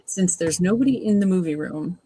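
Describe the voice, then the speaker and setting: Husky, sarcastic watch-along host. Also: mid-range voice, expressive, a little fast, dark tone, no room sound, rough recording. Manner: exasperated, sarcastic, mimics the cast. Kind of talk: casual live watch-along commentary.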